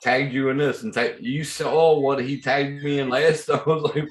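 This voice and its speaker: A man's voice: medium pitch, fairly even intonation, normal speed, few pauses, roomy sound, noisy background. A man hosting a casual group video call, telling jokey stories and laughing along. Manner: joking, laughing storyteller. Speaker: channel host.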